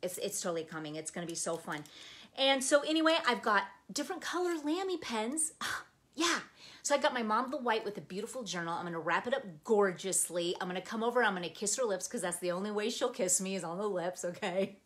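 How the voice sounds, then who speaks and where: A middle-aged woman hosts a live stream for a planner community, recorded on a phone camera. Her mid-range, fairly bright voice has lively intonation and a slightly fast pace as she chats in a bubbly, gushing way.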